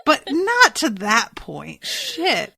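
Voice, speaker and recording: A woman co-hosting a podcast, recapping a TV episode in casual chat. Her voice is bright and forward, and her delivery is blunt and exasperated, with frequent swearing. The recording is dry and close. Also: sits high, huge pitch swings, drawn-out words, vocal fry, no room sound. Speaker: podcast co-host.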